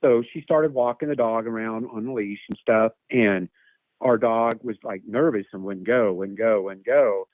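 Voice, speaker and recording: A man's voice: on the low side, moderate pace, no echo. A man recounts a long story in a loose, rambling way, often repeating words. His voice comes through a tinny phone line. The sound is dry, with no room around it. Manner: rambling, repeats words, imitates animal calls. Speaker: guest telling an encounter story. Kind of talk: casual storytelling over a call.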